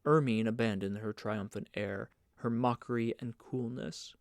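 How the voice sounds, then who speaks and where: A man narrating an audiobook of a novel in an even, measured reading. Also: medium pitch, dry recording, studio quality. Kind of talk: scripted narration.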